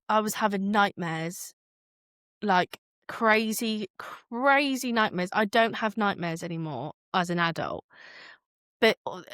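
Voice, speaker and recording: A woman co-hosting a podcast in casual chat, chatty and quick to laugh. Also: medium pitch, fairly bright tone, no echo, clean studio sound. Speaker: podcast co-host.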